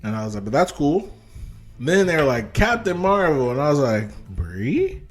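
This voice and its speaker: A man's voice: medium pitch, big pitch swings, moderate pace, slightly rough, soft background music. A man co-hosting a casual movie review podcast, swearing and acting out his own reactions. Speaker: podcast co-host. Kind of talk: casual chat.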